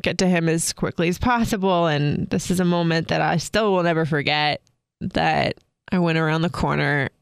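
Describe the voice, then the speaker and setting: Candid young woman with a creaky voice. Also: lowish voice, fairly bright tone, dry recording, studio quality. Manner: candid, many filler likes, laughs while telling. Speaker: podcast co-host. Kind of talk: personal storytelling on a podcast.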